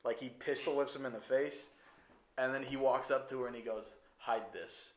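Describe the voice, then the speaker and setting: A man co-hosting a casual podcast chat about a film, telling scenes with lively energy and acting out the characters' lines. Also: mid-range voice, brisk. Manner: animated storyteller who acts out scenes. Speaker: podcast co-host. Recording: roomy echo.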